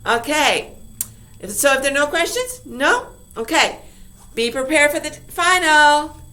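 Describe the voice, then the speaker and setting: High, slow-talking upbeat woman teacher. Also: very animated, sharp tone. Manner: asks rhetorical questions and checks in with "okay?"; upbeat, emphatic and encouraging. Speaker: high school English teacher. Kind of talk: recorded class review lesson.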